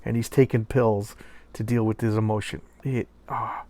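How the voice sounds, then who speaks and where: A man's voice: lowish voice, steady tone, normal speed, warm tone. A man reviewing a comic book in a casual rant, exasperated and sarcastic, often repeating himself.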